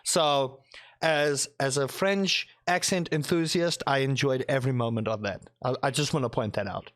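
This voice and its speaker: A man hosting a podcast and interviewing a guest in a casual, playful and excitable way. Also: medium pitch, moderate pace. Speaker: podcast host.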